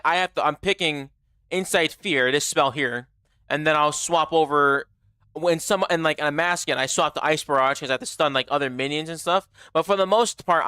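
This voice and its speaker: A young man chatting live while he plays a game, loose and casual, with frequent swearing as he answers his chat. His voice is bright and clear and sits a little high for a man. The sound is dry and close. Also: no echo. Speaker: game streamer.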